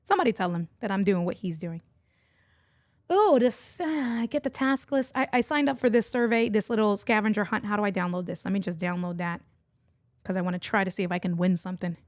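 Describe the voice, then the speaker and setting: A middle-aged woman talks casually to her livestream audience from her desk mic. She is chatty and quick to laugh, greeting viewers by name. Her voice sits at a middle pitch in a dry, close recording. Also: dry recording. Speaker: livestream host and online entrepreneur.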